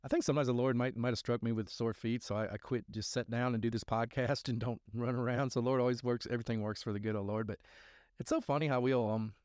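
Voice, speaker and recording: A man's voice: medium pitch, steady tone, fast talker, a little mellow, dry recording, clean studio sound. A man hosting a faith podcast, talking in a rambling, earnest way, with many restarts and trailing thoughts. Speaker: podcast host. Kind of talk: casual faith podcast talk.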